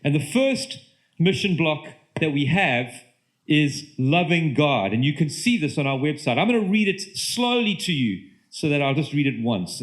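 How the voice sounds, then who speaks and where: Earnest British preacher, slightly high voice. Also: male voice. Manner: earnest, halting with repeated restarts. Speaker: pastor. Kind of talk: sermon.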